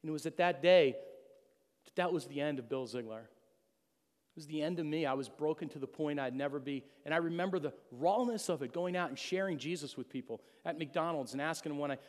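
A man's voice: fairly high pitch, a little fast. A middle-aged man giving an earnest, emotional personal testimony to a church congregation. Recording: long hall reverb.

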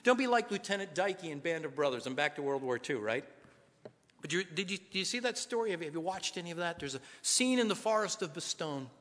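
A man's voice: fairly high pitch, sing-song, fast, fairly bright tone. A middle-aged man, a pastor, giving an earnest, conversational sermon full of rhetorical questions. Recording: long hall reverb.

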